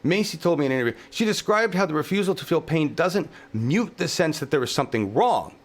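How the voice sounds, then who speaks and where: A man's voice: a little high, animated, a little fast. A male show host delivering a heated political podcast rant, swearing heavily, fervent and exasperated.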